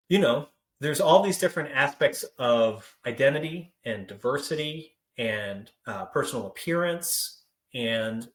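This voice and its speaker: Man giving a talk in an echoey room. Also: medium pitch. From Central Kentucky, United States. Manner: conversational, relaxed storytelling with frequent fillers. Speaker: trainer. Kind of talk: training presentation. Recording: roomy echo.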